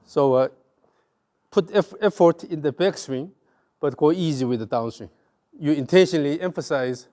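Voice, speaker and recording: Man coaching a golf swing, warm voice. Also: a little high, moderate pace. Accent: Korean. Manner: instructive, repeats cues rhythmically. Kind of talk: hands-on coaching.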